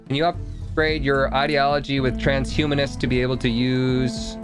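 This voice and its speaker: A man's voice: mid-range voice, flat delivery, normal speed, over music. A man streaming a colony game, giving casual, joking commentary and muttering to himself as he plays.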